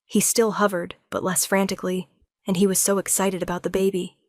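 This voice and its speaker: A woman narrating a first-person romance story in a steady, measured storytelling manner. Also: medium pitch, no echo, clean studio sound.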